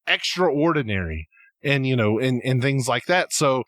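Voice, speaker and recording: A man co-hosting a podcast in casual conversation, working through a theory with halting phrases and frequent restarts. His voice sits at an ordinary middle pitch. The recording is dry and close. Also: expressive, fairly bright tone, no echo. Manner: halting, many restarts, speaks in tangents. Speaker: podcast co-host. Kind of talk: casual fan speculation chat.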